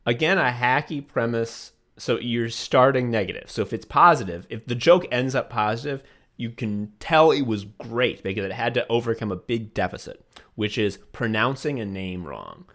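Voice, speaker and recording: A man's voice: mid-range voice, expressive, normal speed, fairly bright tone. A man co-hosting a casual comedy podcast, ranting and swearing with mock voices, laughing often as he talks. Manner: laughs often while talking. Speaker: podcast co-host.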